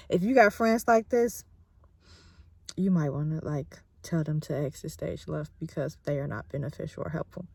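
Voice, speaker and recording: Slangy, animated woman host. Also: on the high side, no room sound. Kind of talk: casual retelling of a scripture story.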